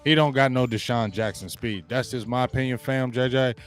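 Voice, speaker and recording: This is a man hosting a live sports talk stream. His voice sits in a middle pitch, and he delivers loud, emphatic trash talk while calling out viewers in the chat. Faint music plays in the background. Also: steady tone, a little fast. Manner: trash-talking, loud and emphatic, greets chatters. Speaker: sports show host.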